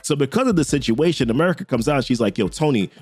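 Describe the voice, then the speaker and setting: A man's voice: on the high side, fast talker, slightly rough, no room sound, soft background music. A man casually recapping a comic book story in a slangy, conversational way. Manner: slangy, conversational, lively delivery.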